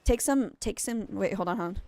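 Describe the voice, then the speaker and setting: A woman's voice: mid-range voice, a little fast, warm tone. A young adult woman streaming a game, chatting casually in a rambling way, full of exclamations and restarts. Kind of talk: casual chat while gaming live.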